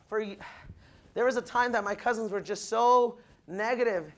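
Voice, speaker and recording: A man giving a loud, punchy motivational speech to new recruits, asking the crowd if they follow him, with the audience answering back. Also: high voice, unhurried. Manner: acts out quoted people in changed voices. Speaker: motivational speaker at recruit orientation. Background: audience responding.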